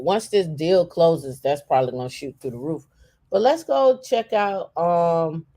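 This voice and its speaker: Halting co-host thinking aloud. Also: mid-range voice, dark tone. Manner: halting and thinking aloud, with many fillers and restarts. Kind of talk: casual talk while browsing on a shared screen.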